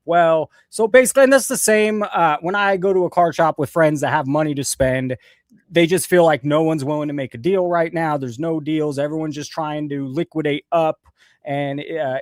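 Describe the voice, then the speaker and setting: A man's voice: on the high side, no room sound, studio quality. A man hosting a casual live show, ranting and sarcastic with frequent swearing. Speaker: host.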